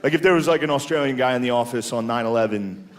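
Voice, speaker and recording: A man's voice: mid-range voice, fast talker, background noise. A man in his thirties doing a stand-up comedy routine on a club stage, talking loosely, swearing a lot and mocking himself. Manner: casual, swearing, self-deprecating, drops into silly voices. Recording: live club recording, loud audience laughter. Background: audience laughter.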